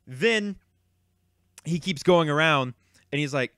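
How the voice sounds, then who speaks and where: A man's voice: on the high side, animated, slow, a bit bright, no echo, clean studio sound. A young man casually telling a long, rambling, exasperated story about a card game tournament, with frequent fillers and swearing. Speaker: YouTube card game creator.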